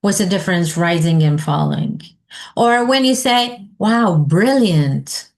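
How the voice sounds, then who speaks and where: A woman's voice: lowish voice, lively intonation, moderate pace. A woman leading a teacher training session, asking the group questions and modeling example sentences aloud.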